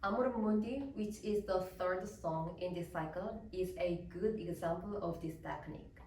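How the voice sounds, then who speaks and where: Soprano lecturer, woman, Korean native speaker; measured, deliberate delivery, lower voice, mic set back in an echoey recital hall. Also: darkish tone, far from the mic, a little hiss or hum. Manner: deliberate, explanatory, reading prepared notes. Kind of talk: careful academic lecture.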